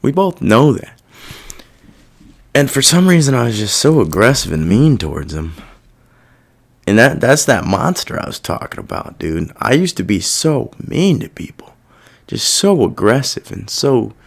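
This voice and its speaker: A man's voice: medium pitch, very animated, unhurried, creaky. Young man in a profane, rambling monologue. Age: young adult. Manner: profane, rambling, self-reflective. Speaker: podcast host. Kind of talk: casual confessional monologue.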